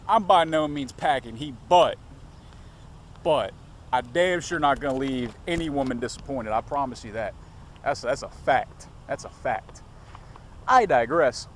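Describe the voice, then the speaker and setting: A man with a slightly higher-pitched voice talks straight into a camera on a city street. His vlog is profane and rambling, and he keeps wandering off topic. Faint traffic noise hums behind him. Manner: profane, rambling, digresses often. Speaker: vlogger.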